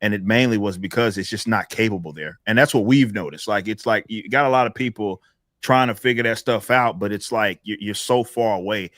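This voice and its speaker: A man hosting a casual livestream panel, talking in halting, rambling sentences with many restarts. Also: lowish voice, a bit bright, no room sound, clean studio sound. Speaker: stream host.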